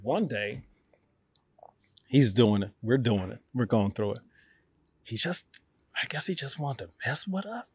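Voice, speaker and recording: Lively New man telling stories. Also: medium pitch, a little slow, pauses often, slightly rough. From New York. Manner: lively, acts out quotes. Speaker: guest, actor. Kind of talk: animated storytelling.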